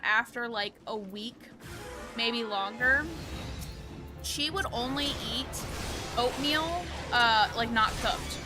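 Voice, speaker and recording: A woman who is a parent, livestreaming a game, telling animated stories and acting out quotes while swearing freely. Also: fairly high pitch. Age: adult, parent of a young child. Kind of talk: casual chat on a gaming stream.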